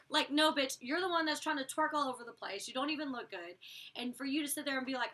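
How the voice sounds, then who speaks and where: A woman's voice: sits high, very fast, sharp tone, recorded from a distance. Blunt, chatty woman in her twenties. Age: 20s. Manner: blunt, heated and profane when venting, chatty and rambling. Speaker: reality show cast member reviewing her episode. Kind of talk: casual vlog recap.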